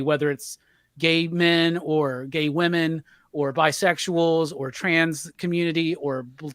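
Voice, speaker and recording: A man's voice: fairly high pitch, a bit bright, dry recording, studio quality. A man hosting a live-streamed panel, casual and rambling as he hands the talk around. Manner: rambling, self-interrupting. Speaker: host.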